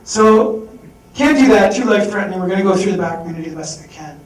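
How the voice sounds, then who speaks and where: Animated man telling a story in a hall. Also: sits high, fast. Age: adult. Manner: animated, acting out quoted voices. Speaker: speaker. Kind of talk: storytelling talk. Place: large hall. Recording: echoey hall from far off.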